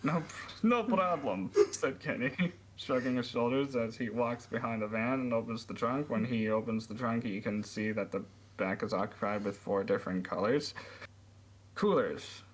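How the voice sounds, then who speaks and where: A man's voice: fairly low pitch, fairly even intonation, moderate pace, background noise. A man reading a friend's story aloud in a casual comic way, often laughing and tripping over lines. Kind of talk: comic read-aloud with put-on character voices.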